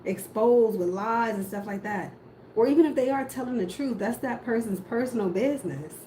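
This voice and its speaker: Her voice leans high and warm, and she speaks at an ordinary pace while giving a casual tarot reading. Thinking aloud, she talks bluntly and swears casually. Echo and audible background noise fill the room.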